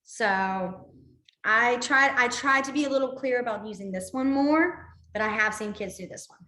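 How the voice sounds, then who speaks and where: A woman's voice: on the high side, normal speed, sharp tone, roomy sound. A young woman teaching a sign language class online, chatty, apologetic and easily sidetracked, laughing often.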